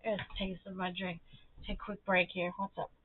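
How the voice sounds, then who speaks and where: A woman's voice: fairly low pitch, flat delivery, quick pace, slightly rough, phone-quality sound. A young woman hosting a livestream, chatting casually and animatedly, swearing freely and acting out the voices of people in her stories. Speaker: livestream host.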